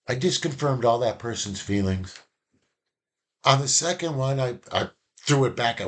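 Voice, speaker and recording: Man giving a lively casual lesson. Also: mid-range voice, moderate pace. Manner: lively, acts out little dialogues. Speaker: instructor.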